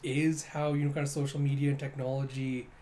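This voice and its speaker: A man casually reading through a comic chapter and giving animated commentary, with quick asides. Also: medium pitch, a little hiss or hum. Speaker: comic reader and reviewer.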